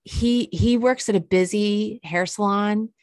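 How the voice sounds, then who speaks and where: A woman co-hosting a casual chat, telling stories with lots of restarts and acting out what people said in high, excited voices. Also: unhurried, no room sound. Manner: animated storyteller, acts out quoted voices high and loud; rambling with restarts and fillers. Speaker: podcast co-host.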